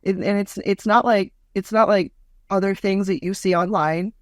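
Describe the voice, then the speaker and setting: A woman's voice: medium pitch, moderate pace, no echo. A woman comedian speaking frankly and expressively on a talk show, her voice in the middle of the usual range. She rambles through stories, acting out what people said. The sound is close and dry, with little room around it. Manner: blunt, animated storytelling with lots of "like". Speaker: stand-up comedian and guest. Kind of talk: casual talk-show chat.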